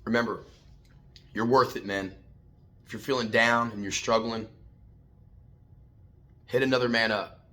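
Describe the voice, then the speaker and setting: A man's voice: mid-range voice, fairly even intonation, a little slow, long pauses, pushed and bright. A man hosting a casual morning motivational talk, swearing freely and preaching to his listeners, calling them man and baby. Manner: profane, fired-up, preachy. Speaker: host.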